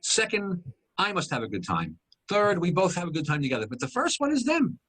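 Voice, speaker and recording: A man, a guest comedian, chatting on a video call, animated and swearing freely. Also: high-pitched, a little fast, rough recording. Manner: animated storyteller, swears, frequent "you know". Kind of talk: casual chat on a video call.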